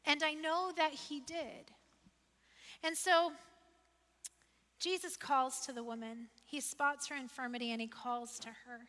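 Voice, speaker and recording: A woman's voice: high voice, steady tone, unhurried, long pauses, pushed and bright. A woman pastor preaching a sermon in a conversational, emphatic way, asking questions and repeating phrases for effect. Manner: conversational, asks the listeners questions. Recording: long reverb of a large hall.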